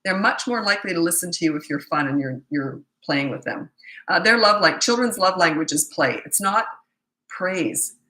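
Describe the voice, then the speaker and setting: A middle-aged woman gives parenting advice in a live question-and-answer chat. She sounds chatty and emphatic, with a low, forceful voice. The recording is roomy and echoey. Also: animated, normal speed. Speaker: parenting coach.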